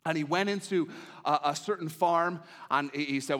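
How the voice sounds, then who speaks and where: Pleading and impassioned, a man preaches a sermon a little high and a little fast, shifting from hushed tones to shouts and repeating his appeals.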